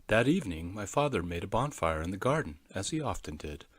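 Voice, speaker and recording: Male storybook narrator, expressive and lively, dry close mic. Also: sits low, brisk, no room sound.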